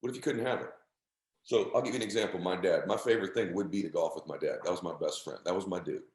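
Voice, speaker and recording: Brief: middle-aged male motivational speaker, low-pitched, emphatic, in an echoey room. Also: fast talker, a little mellow. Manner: intense, emphatic, calls listener "bro". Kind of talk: emotional motivational storytelling.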